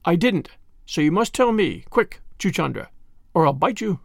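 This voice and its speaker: A man voicing a brave, proud young male mongoose in a storybook reading, brisk and scornful. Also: high voice, big pitch swings, gravelly, husky, dry recording, clean studio sound, heavily acted. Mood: bold scornful.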